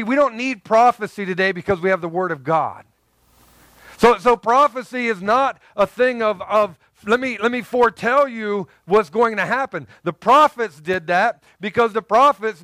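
A man's voice: high-pitched, fairly bright tone, no room sound. A man preaching a sermon as a pastor, conversational and emphatic, often repeating himself and adding joking asides.

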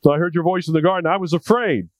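A man's voice: on the high side, very fast, no room sound, pitched above the performer's own voice, lightly acted. A man voicing the first man of scripture as a sheepish figure whining excuses. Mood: whiny.

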